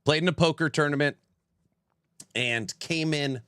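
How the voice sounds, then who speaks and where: A man's voice: fairly high pitch, a little slow, sharp tone, clear, resonant tone, no room sound, studio quality. A man in his forties hosting a casual livestream and reading chat aloud. He sounds stuffed up and worn out and talks in a rambling, self-mocking way. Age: 40s. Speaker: streamer host.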